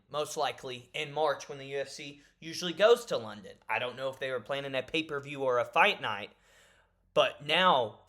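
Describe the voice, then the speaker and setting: A man giving opinionated solo commentary in a video, emphatic and animated, repeating points for stress. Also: medium pitch. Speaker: MMA commentary YouTuber.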